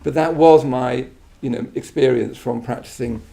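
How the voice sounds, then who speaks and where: Middle-aged man, from England, reflective dharma talk, gravelly low register, warm dark tone, halting with restarts. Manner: halting, many restarts and soft trailing asides. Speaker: Buddhist teacher giving a talk.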